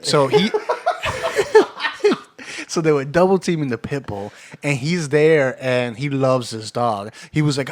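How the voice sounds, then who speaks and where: A man's voice: medium pitch, measured pace. A man co-hosting a podcast, telling a friend's story in casual chat with fillers and laughs. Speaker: podcast co-host.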